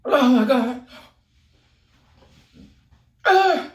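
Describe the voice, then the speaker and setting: A woman vlogger in a casual video who talks in pain from a burning mouth, with loud exclamations and heavy cursing. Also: high-pitched, lively intonation, very slow. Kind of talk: casual vlog talk. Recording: echoey room, mic at a distance.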